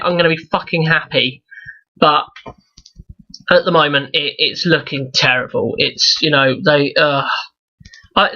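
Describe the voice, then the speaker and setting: A man's voice: on the high side, bright, forceful tone, highs cut off. A young man ranting in a profane, rambling review vlog, exasperated and full of restarts. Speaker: YouTube reviewer.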